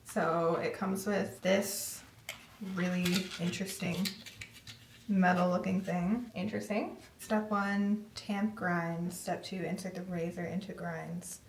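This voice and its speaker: A young woman vlogging casually as she unboxes and reads the labels aloud, chatty and easily excited, sometimes out of breath. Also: lowish voice, takes it slowly, gravelly, recorded from a distance, a little hiss or hum. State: out of breath at times. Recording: echoey room, voice from off-mic.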